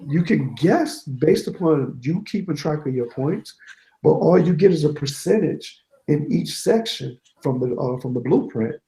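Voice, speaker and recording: Interview guest, male: gravelly, candid storyteller, echoey room. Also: fairly high pitch, a little slow. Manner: candid, animated storytelling with quoted dialogue. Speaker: guest, certified network engineer.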